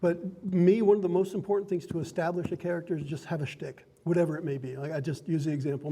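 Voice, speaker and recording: A man with a high-pitched yet warm, mellow voice runs a tabletop game session as game master. He explains the rules to his players in an upbeat, chatty way and often laughs as he talks. It was recorded in a card and game shop. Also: fairly even intonation, fast talker, hardly any pauses, long reverb tail.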